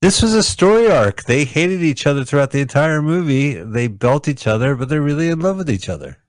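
A man's voice: medium pitch, expressive, a little fast, no room sound. A man co-hosting a casual radio podcast, cracking jokes and making sarcastic remarks about a movie. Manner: joking, sarcastic, riffs on the film. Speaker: podcast co-host. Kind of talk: casual comedic film-review chat.

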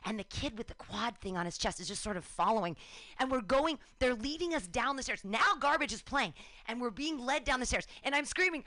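A woman in her forties telling a lively personal story on a radio talk show, acting out her own shouts and cheers. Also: high voice, brisk, a little hiss or hum.

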